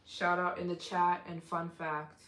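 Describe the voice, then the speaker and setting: A woman's voice: on the low side, flat delivery, a little slow, fairly bright tone, echoey room, a little hiss or hum. A woman live streaming, chatting casually with viewers and thanking them for donations, tired and yawning.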